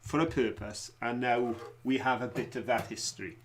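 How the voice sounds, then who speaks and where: A man's voice: medium pitch, fairly even intonation, normal speed, slight background noise. A man co-hosting a casual live stream, joking around, telling anecdotes and asking quiz questions. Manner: jokey, storytelling, quizmaster.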